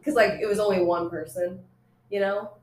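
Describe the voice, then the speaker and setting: A woman's voice: mid-range voice, steady tone, normal speed, darkish tone, a little hiss or hum. Chatty young woman, echoey room. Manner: chatty, many fillers, laughing asides. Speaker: student in a group discussion. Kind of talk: casual chat.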